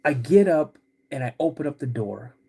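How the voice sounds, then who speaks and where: A podcast host telling a personal story in a halting, casual way, with many restarts. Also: male voice, medium pitch, lively intonation, gravelly, mellow, breathy edge.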